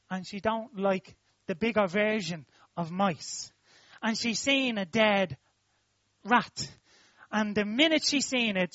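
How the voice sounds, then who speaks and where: High-voiced Irish preacher telling stories. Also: male voice, fairly bright tone, dry recording, highs cut off. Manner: conversational storytelling preaching, swells to emphatic outbursts. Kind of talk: sermon.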